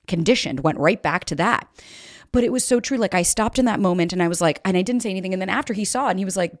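Lady podcast host, blunt and animated, swears a lot, lowish voice, dry close sound. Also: racing, no echo. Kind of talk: casual candid chat.

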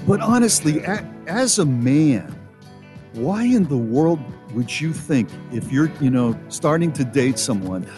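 Middle-aged man cohosting, bouncy animated voice, chatty, faint music under it. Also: on the high side, unhurried. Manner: animated, storytelling, mock voices for jokes. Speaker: co-host. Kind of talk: casual radio show banter.

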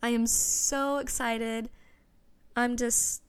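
A woman's voice: a little high, fairly even intonation, takes it slowly, clean tone. A young woman hosting her own podcast, talking casually and earnestly with lots of "you know" asides. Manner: chatty, earnest and gushing, with frequent "you know". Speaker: podcast host. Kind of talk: casual solo podcast chat.

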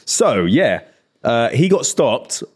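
A man's voice: mid-range voice, very animated, takes it slowly, husky. A young man, co-hosting a podcast and telling a story in casual chat, swearing freely. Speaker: podcast co-host.

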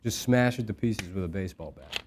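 A man co-hosting a podcast, arguing in a deadpan, bickering way during casual comedic banter. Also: low-pitched, fairly quick, a little hiss or hum. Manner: deadpan, argumentative. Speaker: podcast co-host.

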